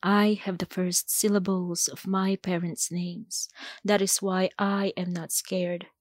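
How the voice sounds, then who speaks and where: A woman poet from the Philippines, reading her poems aloud and then answering interview questions in a slow, measured way. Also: lowish voice, level tone, dry recording, clean studio sound. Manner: slow, measured, deliberate delivery.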